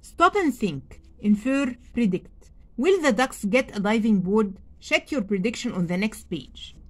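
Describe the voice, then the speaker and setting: A woman teacher, her first language Arabic, reads a children's story aloud in an unhurried, expressive manner and stops to pose simple questions to young learners. Her voice sits a little high, and she takes her time. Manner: slow, expressive reading with pauses for questions.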